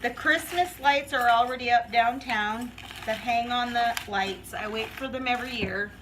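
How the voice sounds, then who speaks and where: A woman's voice: fairly high pitch, moderate pace, fairly bright tone, a little hiss or hum, poor audio. A woman vlogging as she bakes in her home kitchen, chatting in a rambling way and laughing often. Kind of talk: casual chat while baking.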